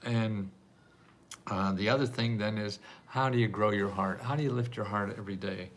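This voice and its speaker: Fielding viewer questions about grants on his live video stream, an older man keeps things chatty and rambling, laughing a lot. His voice is on the low side, steady in tone and at a normal speed, suiting the casual Q&A.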